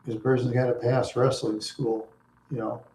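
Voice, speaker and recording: A man's voice: medium pitch, level tone, moderate pace, dark tone, a little hiss or hum. A middle-aged man answering viewers in casual, rambling chat, chuckling often and trailing off into asides. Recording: echoey room.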